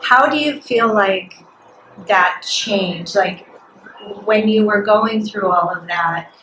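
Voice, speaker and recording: A woman's voice: mid-range voice, slow pace. A woman hosting a live podcast interview, encouraging and asking follow-up questions. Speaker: podcast host. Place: live event venue. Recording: roomy distant mic with background noise.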